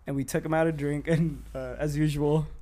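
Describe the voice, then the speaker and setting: A man's voice: on the high side, flat delivery, a little fast, dark tone. A young man co-hosting a casual podcast, rambling and restarting, swearing often. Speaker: podcast co-host. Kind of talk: casual chat.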